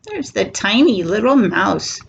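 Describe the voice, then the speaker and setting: A woman reading a picture book aloud to toddlers as a storyteller, slow and animated. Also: medium pitch, gravelly, highs cut off, a little hiss or hum. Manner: slow, sing-song and animated for small children. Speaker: children's storyteller.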